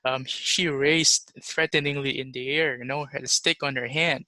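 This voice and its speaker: A man's voice: mid-range voice, steady tone, normal speed, hardly any pauses, sharp tone, dry recording, poor audio. A man hosting a casual online dharma lesson, chatting with his listeners and often checking in with them. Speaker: dharma talk host.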